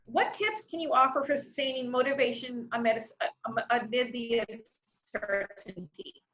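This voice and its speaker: A woman's voice: on the high side, a little slow, fairly bright tone, rough recording. A woman moderating an interview, thanking the guest politely before asking questions. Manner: polite, appreciative. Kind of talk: moderating a panel.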